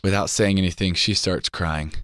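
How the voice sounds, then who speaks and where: A man telling a heartfelt personal story as an interview guest, earnest and emotional, sometimes dropping to a hushed voice. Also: low-pitched, steady tone, normal speed, no room sound, clean studio sound. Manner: earnest, emotional, drops to a hushed voice for tender moments.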